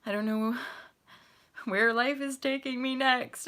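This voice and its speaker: Bright, candid woman in her thirties. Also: fairly high pitch, fairly even intonation, slow, pauses often. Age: 30s. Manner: candid, swearing, laughing often, emotional. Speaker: yoga teacher and channel host. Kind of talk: casual livestream chat.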